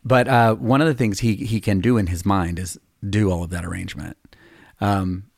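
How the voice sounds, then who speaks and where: A man's voice: lowish voice, fairly even intonation, normal speed, creaky, dry recording, clean studio sound. A man in his fifties, a songwriter hosting a podcast, telling long rambling stories in a casual, self-deprecating way. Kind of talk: casual storytelling chat.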